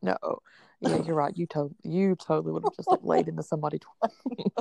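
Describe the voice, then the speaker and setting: A woman co-hosting a casual book podcast, chatty and quick to laugh. Her voice is lowish and gravelly with a mellow, dark tone. The recording is dry and close. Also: no echo. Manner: chatty, laughs often, many fillers. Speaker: podcast co-host.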